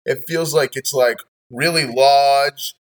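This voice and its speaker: A man's voice: mid-range voice, steady tone, slow, close to an everyday voice. A man improvising a boastful, rambling apple who embodies New York City in a comedy sketch. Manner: boastful, rambling, good-natured. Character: the Big Apple, a brash New York apple, male. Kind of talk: improvised comedy role-play.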